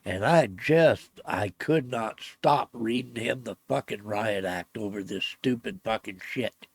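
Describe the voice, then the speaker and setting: Gravelly, slow-talking man telling a story. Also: lowish voice, no echo, studio quality. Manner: blunt, swears constantly, grows heated and loud. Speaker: storyteller recounting a personal event. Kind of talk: casual spoken storytelling.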